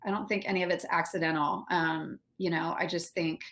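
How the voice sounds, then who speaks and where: A woman talking in a relaxed, chatty way as a podcast guest, her voice a shade lower than most women's. She fills her sentences with "like" and "you know" and laughs easily. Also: a little fast, a little hiss or hum. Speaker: podcast guest, former college swimmer. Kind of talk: casual interview chat.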